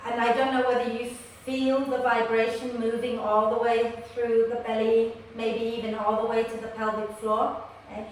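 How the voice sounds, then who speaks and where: Gentle yoga teacher in an echoey room. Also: female voice, fairly high pitch, level tone, normal speed, distant mic, a little hiss or hum. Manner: gentle, tags nearly every instruction with "okay?". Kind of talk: online prenatal yoga class instruction. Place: room recorded for an online class.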